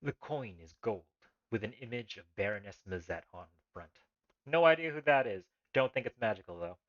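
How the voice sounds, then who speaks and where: A man's voice: fairly low pitch, animated, fairly quick, no echo, highs cut off. A man streaming a text adventure live, reading the game's text aloud and making rambling, laughing asides.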